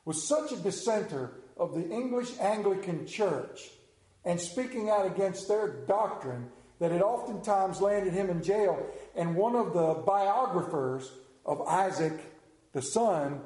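A man's voice: fairly high pitch, a little mellow, roomy sound, poor audio. A male pastor giving a sermon, reading scripture, leading prayer and telling stories in a conversational, lightly humorous way. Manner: conversational storytelling, self-deprecating humor.

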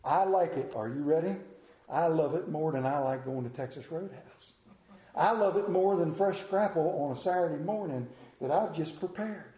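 A man telling a folksy story with a dramatic, drawn-out delivery and slowed emphasis. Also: on the high side, mellow. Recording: roomy echo.

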